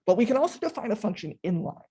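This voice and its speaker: A man's voice: a little high, animated, brisk, warm tone, slight background noise. A young man running a coding workshop, explaining step by step in a casual, chatty way. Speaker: workshop instructor. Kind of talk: live coding tutorial.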